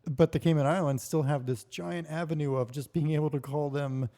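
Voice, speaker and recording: A man co-hosting a casual podcast chat, talking in a halting, thoughtful way. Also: fairly high pitch, fairly even intonation, dark tone. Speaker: podcast co-host.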